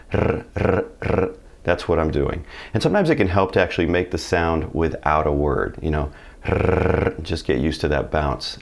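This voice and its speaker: A man teaching a Spanish pronunciation lesson to viewers, friendly and dropping joking asides. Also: sits low. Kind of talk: video language lesson.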